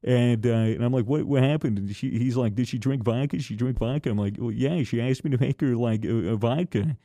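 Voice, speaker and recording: A man's voice: medium pitch, fairly quick, mellow, no echo, studio quality. A young man co-hosting a casual podcast, telling a rambling story full of swearing and jokes. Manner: swearing, storytelling with joking asides. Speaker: podcast co-host. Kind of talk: casual chat.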